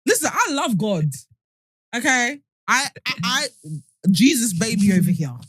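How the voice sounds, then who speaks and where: Young woman, podcast co-host, casual joking chat, lively pitch. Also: unhurried, dry recording. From Nigeria. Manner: animated, joking, acts out comic voices.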